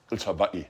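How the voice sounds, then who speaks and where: A man hosting a casual cooking chat, telling stories loudly and laughing often. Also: noisy background. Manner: loud, laughing storyteller. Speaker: host.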